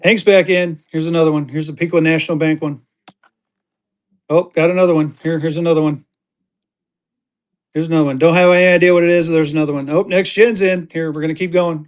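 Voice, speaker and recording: Man from Colorado, high voice, selling live on stream with quick, excited auction patter. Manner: upbeat, rapid-fire adding items, gets excited.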